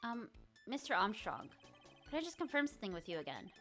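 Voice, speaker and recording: A woman's voice: a little high, sing-song, a little fast, bright, forceful tone, soft background music. A woman voicing an earnest young male defense lawyer in a video game, asking questions in an inquisitive way.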